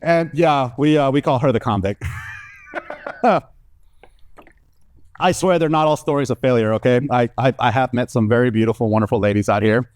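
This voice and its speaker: A young man from Mexico doing a stand-up comedy set on stage, telling animated stories and acting out other people's voices with big jumps in pitch. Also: normal speed, pauses often. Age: young adult. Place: comedy stage before a live audience.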